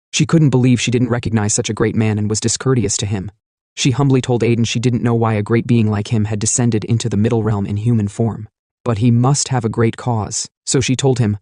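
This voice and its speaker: A man narrates a comic story recap at a brisk clip, his voice mellow and dark. He keeps a steady storytelling manner, close to the mic in a dry, dead room. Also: mid-range voice, no room sound. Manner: steady storytelling, quoting lines in same voice.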